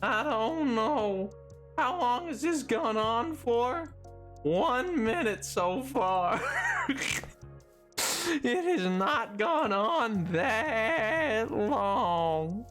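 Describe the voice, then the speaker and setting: A woman's voice: a little high, lively intonation, a bit bright, soft background music, exaggerated voice. A woman putting on the voice of a sad, broke male cowboy, drawling and mournful, close to the mic. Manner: slow, drawn-out, mournful talk. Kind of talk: live-stream character voice. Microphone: closer to the mic than usual.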